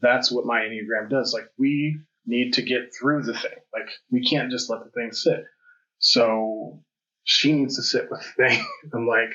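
A podcast host talks at a measured pace, his medium-pitched voice bright and forceful with fairly even intonation. He rambles in a candid, reflective, conversational interview. The sound is dull and lo-fi.

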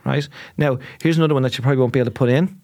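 A middle-aged Irish man, a comedian chatting as a guest, telling stories quickly with lively voiced asides. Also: mid-range voice. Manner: animated, rapid storytelling with voiced asides. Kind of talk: casual chat.

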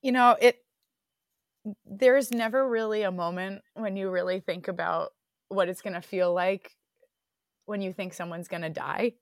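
A woman's voice: medium pitch, steady tone, normal speed, pauses often, dry recording, studio quality. A woman guest telling a mountain story in an interview, reflective and earnest, with frequent fillers.

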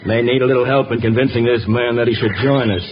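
An actor playing a scheming, wary pirate skipper, blunt and gruff, in an old radio drama. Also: male voice, mid-range voice, fairly even intonation, fast, close to an everyday voice. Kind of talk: 1930s radio drama acting. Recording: dull old radio recording, faint hiss.

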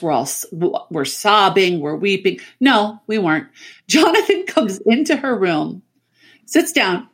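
A middle-aged woman, a podcast guest, telling family stories in casual chat over a remote call, animated and laughing often. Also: mid-range voice, husky. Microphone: remote call mic.

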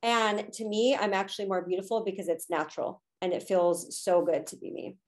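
A woman in her thirties speaks as a guest on a podcast and tells her own story openly and with feeling. She fills her talk with ums and you knows. Her voice sits at a middle pitch. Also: brisk, a little mellow. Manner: candid and emotional, with frequent fillers. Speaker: podcast guest, spiritual teacher. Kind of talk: personal story in a podcast interview.

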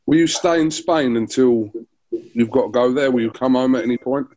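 A male interviewer speaks over a video call. His questions are short, dry and probing, in an ordinary middle-pitched voice. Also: moderate pace, dark tone, a little hiss or hum, rough recording.

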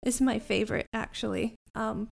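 Brief: woman voicing a scared little boy, halting and stammering, for a tabletop game. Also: fairly high pitch, steady tone, vocal fry. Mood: frightened. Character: frightened young boy, timid and shaken.

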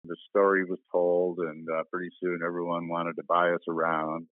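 A plainspoken man with a very low voice tells his own story casually and laughs now and then. He sounds thin and phone-like, dry and close, with faint music behind him. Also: monotone, moderate pace, no echo. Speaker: interview guest. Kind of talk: casual recounting.

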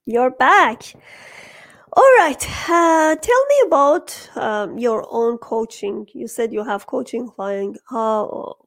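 Slow-talking woman host, higher voice. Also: animated. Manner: slow, halting questions. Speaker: interview host. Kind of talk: interview hosting.

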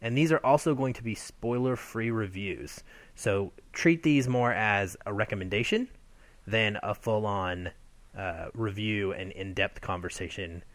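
A man's voice: lowish voice, unhurried, a bit bright, dry recording. A man co-hosting a podcast, laying out the episode format in an orderly, step-by-step way. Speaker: podcast co-host. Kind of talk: scripted-sounding episode intro.

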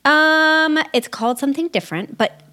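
A woman co-hosting a business podcast in casual chat, bubbly and quick to laugh. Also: high-pitched, lively intonation, sharp tone. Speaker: podcast co-host.

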